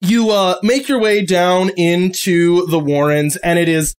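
A man's voice: sits high, steady tone, measured pace, smooth. A man narrating a tabletop game as game master, casual and rambling with lots of fillers.

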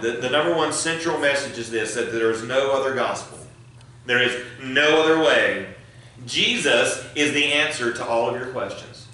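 A man's voice: mid-range voice, pushed and bright. A man preaching a sermon as pastor, building emphasis and leading prayer. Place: church sanctuary. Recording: echoey church hall, mic at a distance.

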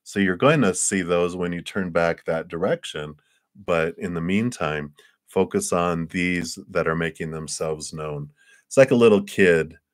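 A man giving live tarot readings in a gentle, rambling way with playful asides. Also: deep voice, unhurried, dry recording, clean studio sound. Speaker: tarot reader.

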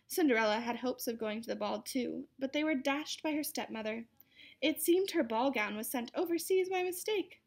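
A woman reading a picture book aloud as narrator, steady and clear, now and then correcting a slipped word. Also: high-pitched. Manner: steady reading with occasional slips and self-corrections. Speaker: storyteller.

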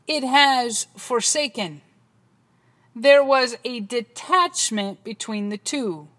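A woman preaching a dramatic sermon that swings between hushed passages and loud ones. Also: on the high side, expressive, slow pace.

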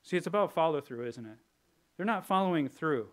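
A man's voice: on the high side, lively intonation, fairly quick. Conversational male pastor preaching. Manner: conversational, jokey, drops into put-on voices. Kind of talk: sermon.

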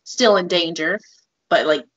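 A woman's voice: lowish voice, unhurried, lo-fi sound. A woman in her thirties co-hosting a podcast, speaking earnestly and emphatically. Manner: earnest, emphatic, animated quoting. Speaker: podcast co-host. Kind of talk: casual podcast conversation.

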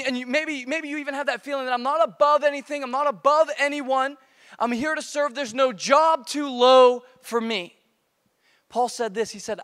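A man preaching a casual youth sermon as pastor, energetic and joking, recorded live in a church. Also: very high-pitched. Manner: energetic, playful, joking with repeated slang. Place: church auditorium, live service. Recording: long reverb of a church hall.

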